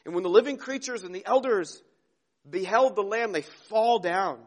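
Here a pastor delivers a sermon at normal speed, earnest and fairly high-voiced. Carried by feeling, he stumbles and repeats words, shifting from almost-whispered tenderness to ringing emphasis.

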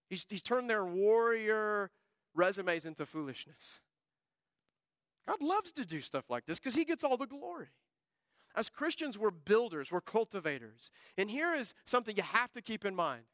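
A man preaching a sermon, swinging between hushed lines and emphatic bursts. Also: sits high, dry recording. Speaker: pastor.

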